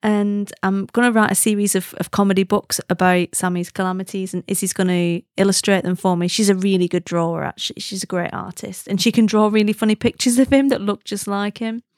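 A woman's voice: medium pitch, steady tone, brisk, few pauses, darkish tone, studio quality. Give me a chatty woman host, talking casually with a mid-range voice and no room echo. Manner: chatty, rambling with slang and self-deprecating asides. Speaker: podcast host. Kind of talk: casual chat.

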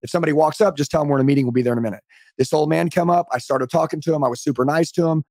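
A man's voice: on the high side, rapid-fire, a little mellow, dry recording, clean studio sound. A middle-aged man telling his story as a podcast guest on a call, emphatic and motivational. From United States. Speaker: podcast guest, sales trainer. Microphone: remote call.

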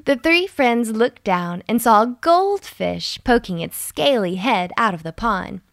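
A woman reads a children's bedtime story at an unhurried, gentle pace, her voice rising and falling with a lot of melody. There is a slight gravelly fry at the edges of her words, and the recording is dry and close. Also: no room sound. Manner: slow and soothing with lively pitch.

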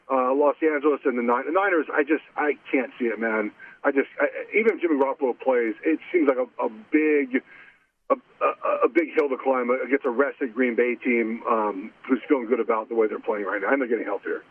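A man giving emphatic, fast-stumbling betting picks as a guest, heard over a remote call. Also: mid-range voice. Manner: emphatic, repeats words when starting. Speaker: guest sports bettor. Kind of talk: sports betting analysis. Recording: tinny phone-line audio.

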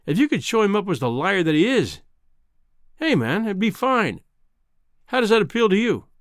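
A man voicing a brisk older male newspaper news editor, dry and clipped with a teasing edge. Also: high voice, sing-song, no echo, pitched above the performer's own voice. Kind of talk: audiobook character reading.

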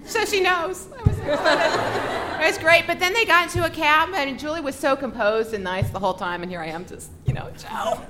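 A woman co-hosting a podcast, telling an excited, rambling story with lots of giggles and restarts. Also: high voice, normal speed, a little hiss or hum. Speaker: podcast co-host.

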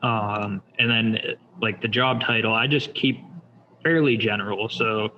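A man walking someone through his shop's job software in a relaxed, step-by-step way with many fillers. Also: lowish voice, a little slow, muffled recording, a little hiss or hum. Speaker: shop owner demonstrating software. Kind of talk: casual screen-share demo.

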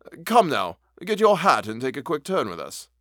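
A man reading a good-natured, concerned gentleman lawyer. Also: mid-range voice, wildly swooping pitch, moderate pace, no echo, studio quality.

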